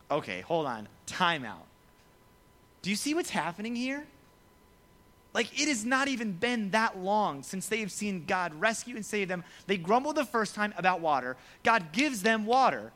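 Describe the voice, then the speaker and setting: Young male youth pastor, casual joking sermon, bright tone, swooping pitch, acts out quotes. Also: sing-song, moderate pace.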